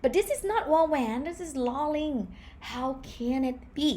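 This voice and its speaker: A young adult woman with a Thai accent, teaching a language lesson in a lively way and repeating example words slowly. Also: high-pitched, slight background noise.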